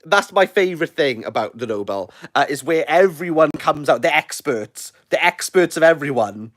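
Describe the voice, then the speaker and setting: Jokey Welsh man with a lively voice. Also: a little high, moderate pace, few pauses, dry recording, clean studio sound. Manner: rambling, jokey, playfully sarcastic. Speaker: book reviewer. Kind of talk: casual livestream chat. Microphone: phone.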